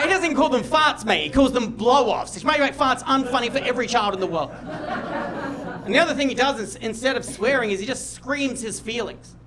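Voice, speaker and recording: A young Australian man doing stand-up, telling a long story about his family and sometimes shouting out the lines he acts out. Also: very high voice, fairly quick, a loud crowd. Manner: animated, jumps to loud shouts when acting out his dad. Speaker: stand-up comedian. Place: comedy stage before a live audience.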